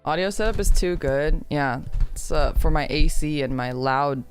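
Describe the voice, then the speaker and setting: A woman's voice: sits low, moderate pace, soft background music. A woman streamer chatting casually and playfully to her viewers and cooing baby talk to her cat.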